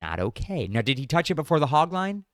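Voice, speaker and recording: A man co-hosting a casual podcast chat, animated and quick to get riled up, swearing freely as he tells a story. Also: on the high side, no room sound, clean studio sound. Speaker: podcast co-host.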